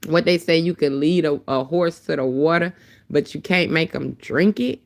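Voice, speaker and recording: Deep-voiced woman, blunt and profane. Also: moderate pace, vocal fry. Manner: blunt, profane, heated storytelling. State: dry throat. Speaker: livestream host. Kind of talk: casual livestream chat. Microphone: phone.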